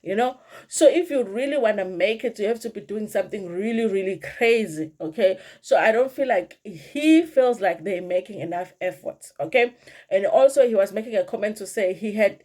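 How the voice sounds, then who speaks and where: A woman's voice: medium pitch, a little mellow. A middle-aged woman with a South African accent, chatting casually to viewers as she recaps a reality show episode and slips into Zulu phrases. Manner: chatty, addresses viewers as "you guys", mixes in Zulu phrases. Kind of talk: casual commentary vlog.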